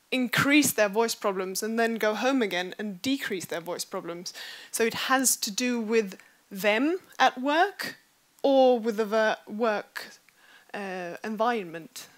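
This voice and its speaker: A woman researcher giving a conference presentation, explaining her study with frequent fillers. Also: mid-range voice. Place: lecture hall.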